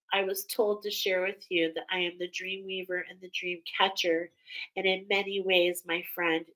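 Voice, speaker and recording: Woman, oracle card reader; slow, awed, affirming delivery with a bright, forward tone. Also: medium pitch, rough recording. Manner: emotional, breathy awe, affirming. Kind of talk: spiritual card reading to viewers.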